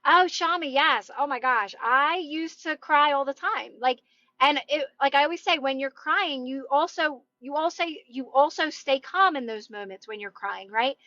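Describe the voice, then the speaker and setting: Woman, high voice, upbeat chatty live-stream coach, dry lo-fi phone sound from a parked car. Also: normal speed, sharp tone, no room sound. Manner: encouraging, chatty, often asks "right?". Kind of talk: casual live-stream motivational chat.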